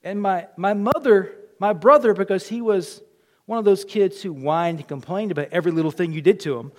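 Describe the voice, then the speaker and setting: A middle-aged pastor with a fairly high voice preaches a sermon built on personal stories. He acts out the quoted lines, swinging from loud bursts down to a near whisper.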